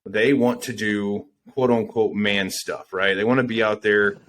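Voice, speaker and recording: A man's voice: fairly low pitch, fairly even intonation, measured pace, fairly bright tone, a little hiss or hum. A man talking casually on a business podcast, rambling with fillers and swearing.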